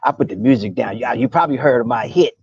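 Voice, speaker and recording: A man's voice: medium pitch, expressive, fast, breathy edge, dry recording, lo-fi sound. A man playing a brash, boastful hip hop artist. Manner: brash self-promoting swagger.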